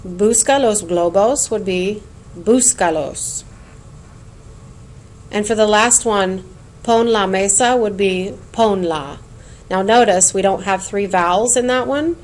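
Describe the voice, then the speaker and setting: Speaking in an unhurried, mid-range voice, a Spanish teacher explains things clearly and patiently in a recorded lesson. She also recites vocabulary lists as a rhythmic, sing-song chant.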